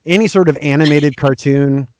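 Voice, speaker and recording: A man's voice: a little high, normal speed. A middle-aged male voice actor, a guest in an interview, giving earnest, frank and encouraging career advice.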